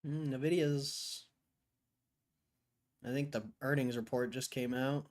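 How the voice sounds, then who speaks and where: A man's voice: mid-range voice, steady tone, takes it slowly, a little mellow. Laid-back man hosting a livestream. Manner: laid-back, chuckling, loose slang. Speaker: livestream host. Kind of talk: casual livestream chat.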